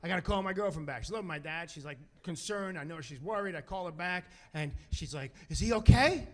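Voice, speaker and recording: A man in his fifties doing stand-up storytelling on stage, animated and profane, acting out other people's voices. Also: a little high, fast talker. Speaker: stand-up comedian. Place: comedy stage before an audience.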